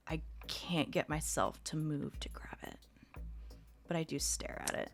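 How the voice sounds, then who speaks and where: A woman's voice: deep voice, little pitch movement, slow pace, pauses often, a bit bright. A woman role-playing as a player in a tabletop game, subdued and dejected. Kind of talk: in-character tabletop role-play.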